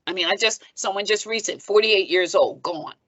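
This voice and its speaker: Speaking at normal speed with a mid-range, fairly bright voice and no room sound, this Philadelphia woman in her 70s is a reverend and foundation president appearing on a podcast. She's emphatic and preacherly in the conversational interview, frequently asking "okay?".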